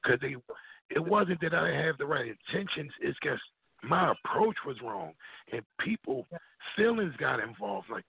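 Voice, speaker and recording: A blunt, profane man chatting as a radio guest, acting out what people said. His voice is gravelly and husky. It comes through a dry, thin phone line. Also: on the high side, animated, normal speed, dry recording. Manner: blunt, profane, acts out quotes. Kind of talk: casual radio chat.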